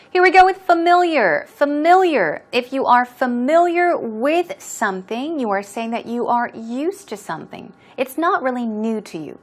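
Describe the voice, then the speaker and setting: A woman English teacher explains vocabulary slowly and patiently, modeling each word's stress. Her slightly high voice rises and falls in a lively, animated way. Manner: clear, patient, drawn-out teaching delivery.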